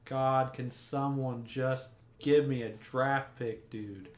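A man's voice: mid-range voice, fairly even intonation, slow pace, few pauses. A young man giving gameplay commentary, ranting in exasperation, swearing and restarting his sentences. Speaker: gaming YouTuber. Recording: roomy echo with faint music.

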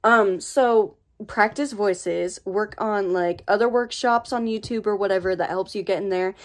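Woman, American accent, mid-pitched voice, casual tutorial vlog, chatty, rambling, playfully sassy. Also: a little slow. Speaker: voice acting tutorial host. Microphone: own microphone.

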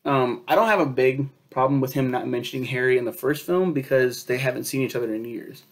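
A man reviewing a superhero film in a loose, rambling way, swearing often and filling pauses with um and like. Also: mid-range voice. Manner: rambling, profane, lots of fillers and quoted asides.

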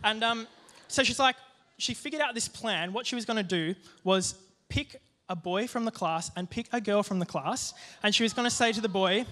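Young guy doing a youth talk, lively jokey storyteller, higher voice, bright and sharp. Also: normal speed. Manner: lively, joking storyteller with asides. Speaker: youth group speaker. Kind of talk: youth sermon with personal storytelling.

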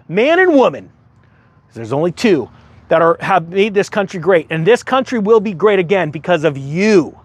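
A man's voice: sits high, no room sound. Fired-up man ranting on camera. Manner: reads news aloud then breaks off to comment. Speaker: host of a finance commentary channel. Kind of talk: heated commentary reading from news articles.

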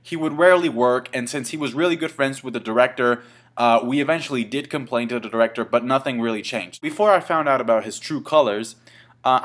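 This vlogger, a man in his twenties with a medium-pitched voice, tells a casual story to the camera. He rambles and swears, restarting often and filling gaps with lots of fillers.

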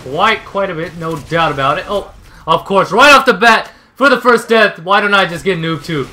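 A man giving live commentary on his own gameplay, ranting, yelling and sarcastically griping at teammates. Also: high voice, moderate pace, slight background noise. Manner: raging, yelling outbursts at teammates.

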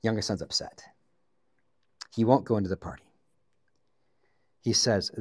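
Animated male preacher in reverberant hall. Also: on the low side, measured pace, long pauses, slightly rough. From US Pacific Northwest. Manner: animated storytelling with joking asides. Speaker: guest pastor. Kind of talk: sermon.

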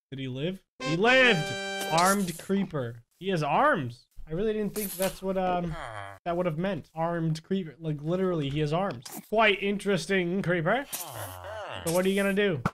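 Excitable high-voiced young man gaming. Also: a little slow, over music. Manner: excitable, laughs often, yells at mobs. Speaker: gaming YouTuber. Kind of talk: Minecraft gameplay commentary.

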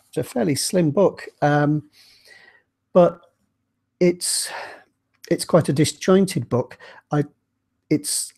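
Mellow-voiced man with a slight cold. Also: fairly high pitch. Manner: thoughtful, conversational, rambling. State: slight cold, clears throat. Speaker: book reviewer. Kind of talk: casual book discussion with a read-aloud.

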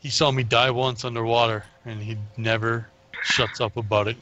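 A man's voice: mid-range voice, little pitch movement, normal speed, bright, forceful tone. A man co-hosting a gaming podcast, making playful quips while playing. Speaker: podcast co-host and player. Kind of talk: casual gaming banter. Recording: dull lo-fi podcast audio.

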